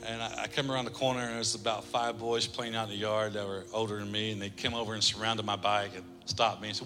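A male pastor preaching a sermon, telling a humorous story in an animated way in a church. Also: fairly low pitch, quick pace. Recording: reverberant church hall, faint music.

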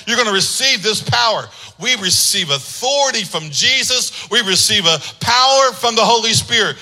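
A man preaching a sermon, moving from quiet storytelling to loud, shouted preaching. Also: sits high, poor audio. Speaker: pastor.

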